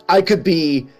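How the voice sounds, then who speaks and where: A man in casual stream chat, laid-back, with lots of fillers and casual swearing. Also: on the high side.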